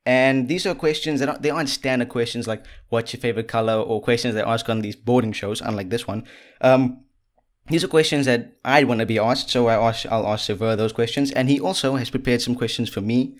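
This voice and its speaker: A male podcast host in casual conversation, mid-pitched and easygoing, breaking into laughs and quick asides. He talks from a room lit by big studio lights. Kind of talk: casual interview chat.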